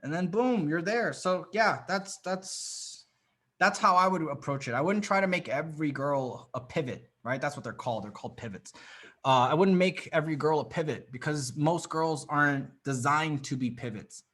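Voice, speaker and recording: High-voiced guy coaching dating live, swears a lot, keeps asking rhetorical questions. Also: moderate pace, fairly bright tone. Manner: profane, emphatic, repetitive rhetorical questions; acts out quoted women's reactions. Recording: online live session.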